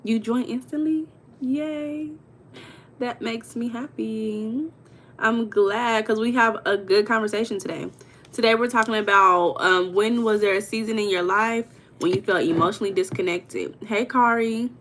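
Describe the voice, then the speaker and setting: A young woman hosting a casual livestream, chatting with viewers, greeting them by name and telling stories with lively emphasis. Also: on the high side, unhurried, slight background noise. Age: young adult. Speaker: livestream host.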